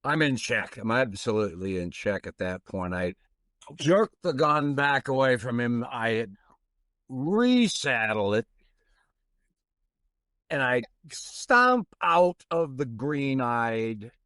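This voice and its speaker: A man playing a tabletop game, describing his character's actions in a deliberate first person. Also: mid-range voice, sing-song, fairly bright tone, no echo, clean studio sound. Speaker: player.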